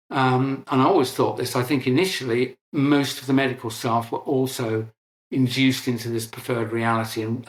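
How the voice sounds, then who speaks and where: An older British man explaining technical matters earnestly in an interview, often restarting words. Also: medium pitch. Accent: British English. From Britain. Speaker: interviewed scientist. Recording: echoey room.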